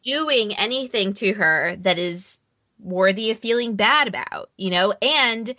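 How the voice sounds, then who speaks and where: Bright-voiced, chatty woman podcaster. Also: medium pitch, measured pace, no echo. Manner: animated, chatty, lots of fillers and restarts. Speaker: podcast co-host. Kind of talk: casual chat. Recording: dry, slightly dull lo-fi audio.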